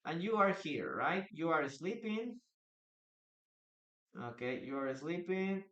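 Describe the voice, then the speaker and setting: A man's voice: on the high side, big pitch swings, slow, fairly bright tone, highs cut off. A man with a Peruvian Spanish accent teaching English in a live online class, answering viewers' questions from the chat. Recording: echoey room.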